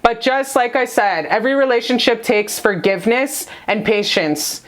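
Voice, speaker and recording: A woman's voice: fairly high pitch, animated, normal speed. A young woman giving a love tarot reading to camera, effusive and emotional, swearing freely and repeating "you guys". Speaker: tarot reader.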